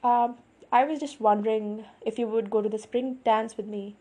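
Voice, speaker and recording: Awkward teenage boy, read by a woman: hesitant, quiet, flat delivery. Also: medium pitch, a little slow. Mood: sheepish.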